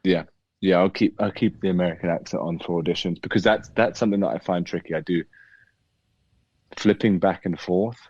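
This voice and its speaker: Deep-voiced British man, muffled sound. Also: fairly even intonation, a little fast, darkish tone, slightly rough, no room sound. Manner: thoughtful, many restarts and hedges. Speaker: actor guest. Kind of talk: casual interview chat.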